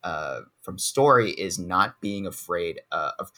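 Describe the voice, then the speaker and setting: A man's voice: sits low, lively intonation, a little slow, bright, forceful tone. A man, a guest improv performer, talking casually with many "you know" and "like" fillers. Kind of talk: casual podcast chat.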